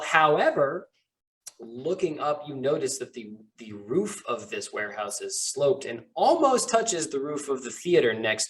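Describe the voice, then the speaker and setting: A man running a tabletop game as game master, describing scenes in a halting way full of fillers. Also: medium pitch, distant mic.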